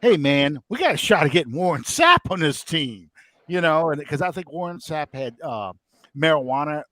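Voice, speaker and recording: A man's voice: on the high side, moderate pace, dry recording. A middle-aged man, hosting a podcast and telling a story in casual chat, acting out the quotes he tells. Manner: animated, acts out quotes. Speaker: podcast host.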